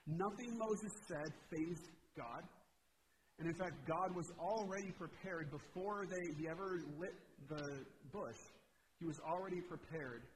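Male pastor, slightly high voice, relaxed conversational sermon, reverberant hall with audible ambience behind. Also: unhurried, slight background noise. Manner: casual, rhetorical "right?" asides.

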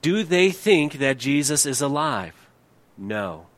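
In a slow, sing-song delivery with no echo, a middle-aged pastor preaches to his congregation. He asks them rhetorical questions and often drops into a hushed, low tone for emphasis.

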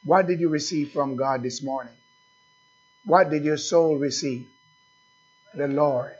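Slow, husky preaching pastor. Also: male voice, fairly high pitch, dull audio. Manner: slow, repetitive preaching with questions to the congregation. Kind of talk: sermon.

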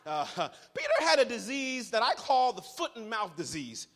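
A man preaching a sermon as pastor, telling the story with humor and animated asides. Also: extremely high pitch, moderate pace. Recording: large hall reverb.

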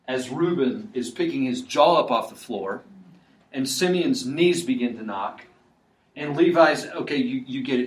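A man preaching a sermon in a conversational way, often restarting his sentences with filler words. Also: medium pitch. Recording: echoey room, mic at a distance.

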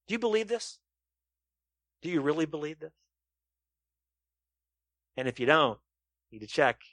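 A man's voice: on the high side, sing-song, normal speed, dry recording. Man preaching with rising, pressing questions. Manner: rhetorical questions to the congregation, swings loud and soft. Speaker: pastor. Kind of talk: sermon.

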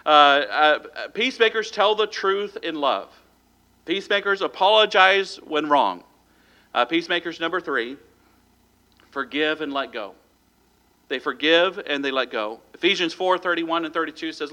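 A man's voice: high voice, normal speed, sharp tone. A man preaching a sermon as pastor, talking plainly and acting out quoted voices as he goes.

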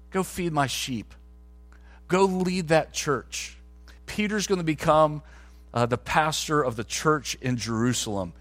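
Male pastor giving a sermon, kinda high voice, chatty then punchy. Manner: conversational preaching with rising emphatic peaks.

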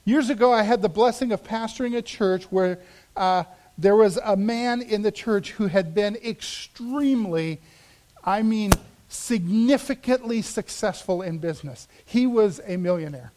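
A man preaching a sermon as pastor, dramatic in delivery, dropping to a hush for emphasis and rising again. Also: sits high, a little slow. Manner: dramatic, drops to a hush for emphasis then rises.

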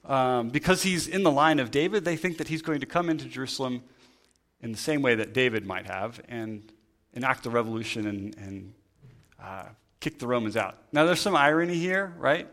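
A man's voice: mid-range voice, moderate pace, a bit bright. A man preaching a sermon in a conversational way, thinking aloud and often restarting his sentences. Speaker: pastor.

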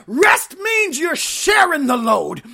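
High, gravelly woman preaching with fire. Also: big pitch swings, slow pace. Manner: fervent, shouting delivery with a preaching cry; talks straight to the congregation, stretching key words. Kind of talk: sermon.

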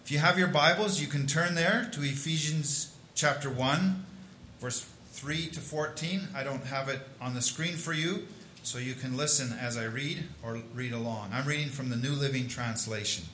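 A man's voice: mid-range voice, moderate pace, pushed and bright, reverberant, slight background noise. A man preaching a sermon in a conversational way, with restarts and asides. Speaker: pastor.

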